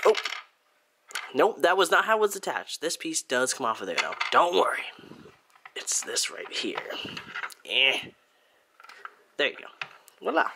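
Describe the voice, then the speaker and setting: Lively, chatty toy reviewer. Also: medium pitch. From Germany. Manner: chatty, playful, makes little sound effects. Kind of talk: casual hands-on review.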